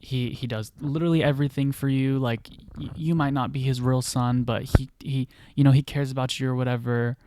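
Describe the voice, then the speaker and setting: A man's voice: medium pitch, steady tone, slow pace, pauses often, a little mellow, clean tone. A man voicing an exasperated young woman who nags and scolds her brother, in a lightly acted retelling. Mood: scolding.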